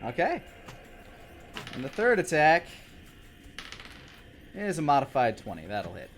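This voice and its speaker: A man's voice: fairly high pitch, unhurried, a little hiss or hum. A man running a tabletop role-playing game as game master, narrating the action and counting out rolls. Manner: lively, counts dice out loud, animated narration.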